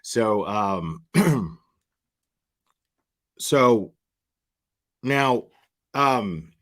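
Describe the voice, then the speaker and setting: A man's voice: on the low side, expressive, extremely slow. Profane, rambling male streamer. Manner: crude and profane, rambling with repeated restarts. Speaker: channel host. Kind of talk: casual livestream commentary.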